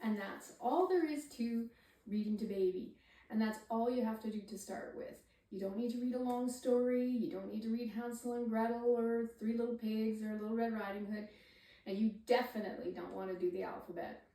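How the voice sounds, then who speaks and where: A woman coaching parents on reading to babies, switching into excited sing-song baby talk with gasps to show how it is done. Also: a little fast. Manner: gasps and swoops up high when modeling talk to the baby. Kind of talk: instructional talk with animated baby-talk demonstrations. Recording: echoey room, somewhat far from the mic.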